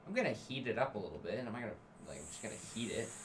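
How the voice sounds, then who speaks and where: A man's voice: on the low side, sing-song, rapid-fire, a little hiss or hum. A man playing in a tabletop role-playing game, bantering playfully and often speaking in character. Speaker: player.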